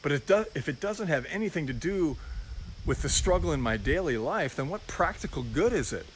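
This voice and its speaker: A man's voice: a little high, animated, brisk, a little hiss or hum. A middle-aged man giving an informal, personal sermon as a pastor, reflective and confessional.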